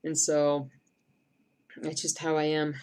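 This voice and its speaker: Working on her cross-stitch during a live stream, a middle-aged woman chats and rambles, responding out loud to comments from viewers. Her low voice is slow, monotone and somewhat dark, yet clear and resonant.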